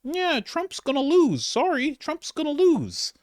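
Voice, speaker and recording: Figure: smug media pundit , put on by a man. Pitch: very high and squeaky. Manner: mocking, sing-song, slow. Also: wildly swooping pitch, no echo, studio quality, exaggerated voice.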